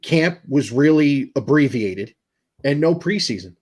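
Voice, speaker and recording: A man from New York weighing in on a casual sports chat, measured and thoughtful. His voice sits in a middle pitch. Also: animated, a little mellow, husky.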